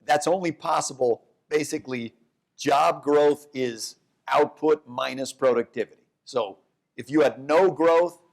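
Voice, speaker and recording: A man, an economics professor, talking economics onstage at a live event, animated, often restarting his sentences. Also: unhurried, gravelly. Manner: animated storyteller, jumps to high voices for quotes; restarts and self-corrections. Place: downtown event hall with live audience.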